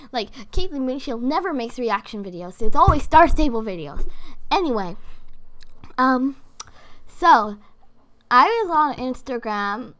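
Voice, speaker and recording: A woman hosting a casual reaction video as a gaming YouTuber, excitable and rambling with lots of fillers. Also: sits high.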